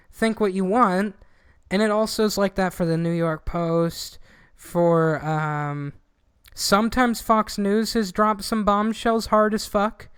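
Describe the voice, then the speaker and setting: A young man co-hosting a podcast in casual chat, rambling and swearing, getting animated when he quotes people. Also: high-pitched, clear, resonant tone, no echo, studio quality. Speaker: podcast co-host.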